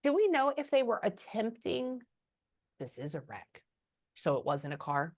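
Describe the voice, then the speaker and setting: A woman's voice: medium pitch, sing-song. Chatty woman giving a hesitant spoken reading. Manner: hesitant, often pausing with "hold on" and "um". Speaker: psychic medium. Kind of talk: casual spoken reading for a sitter.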